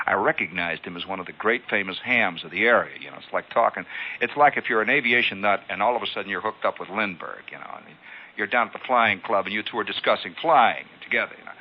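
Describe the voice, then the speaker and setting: A man's voice: on the low side, fast. A man telling a comic story on the radio, acting out scenes with sound effects and voices. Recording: dull lo-fi archival radio broadcast.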